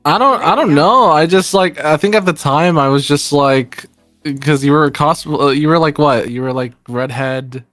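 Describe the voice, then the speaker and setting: A man's voice: fairly high pitch, normal speed, a bit bright, no echo, faint music behind. Young man rambling through anecdotes. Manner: rambling anecdotes, self-correcting. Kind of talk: casual chat.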